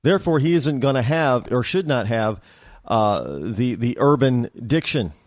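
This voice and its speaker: A man's voice: mid-range voice, animated, unhurried, no room sound, studio quality. A man hosting his own talk show, delivering a rambling, opinionated monologue with many restarts and fillers.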